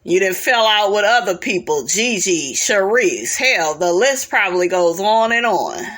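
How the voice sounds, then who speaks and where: A woman's voice: mid-range voice, expressive, measured pace, fairly bright tone. A woman giving a casual recap of a reality show episode, blunt, sassy and profane, talking back to the people she describes.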